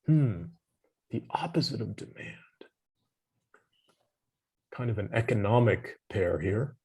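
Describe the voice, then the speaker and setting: A man's voice: on the low side, animated, slow pace, darkish tone, slightly rough. Encouraging male English tutor. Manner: encouraging, gives hints and praise. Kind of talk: online vocabulary lesson.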